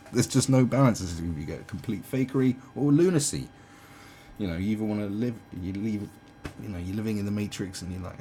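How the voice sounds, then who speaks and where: A man's voice: deep voice, fast talker, dark tone, slight background noise. A man in his twenties or thirties ranting about politicians in a casual, sarcastic, profane monologue, slipping into mocking impressions. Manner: sarcastic, mocking, profane, does mocking quoted voices. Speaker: commentary channel host. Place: indoors at home.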